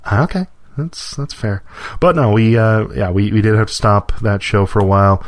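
A man's voice: lowish voice, animated, moderate pace, no echo. A man co-hosting a podcast, talking casually with wry, joking asides. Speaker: podcast co-host.

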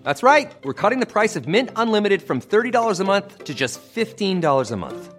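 A man's voice: sits high, very animated, brisk, a bit bright, faint music behind. A man reading a comedic ad in a wry, punchy way. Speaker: ad announcer. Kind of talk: comedic ad read.

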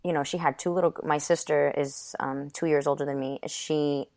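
A woman with a slightly low-pitched voice recounts her own life as an interview guest. She was born in Ecuador and grew up in New York. Her storytelling is earnest and conversational, and she leans constantly on "you know" and "like.". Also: steady tone, moderate pace, darkish tone. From born in Ecuador, raised in New York.

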